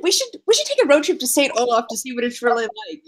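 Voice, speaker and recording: A woman co-hosts a podcast in casual chat, playful and quick to laugh and agree. Her voice is high and swoops lively up and down. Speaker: podcast co-host.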